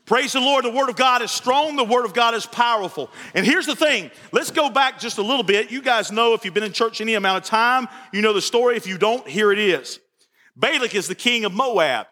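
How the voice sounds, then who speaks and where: A man's voice: very high voice, expressive, a little fast, pushed and bright. A man preaching a folksy sermon, reading scripture and telling stories with repetitions and asides, recorded in a church. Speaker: pastor. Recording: church hall reverb.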